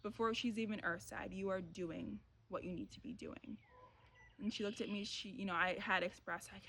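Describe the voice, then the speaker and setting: A young woman, a mother, earnestly talking through her own birth story in a casual, reflective way, often pausing on "you know.". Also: mid-range voice. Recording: steady background noise.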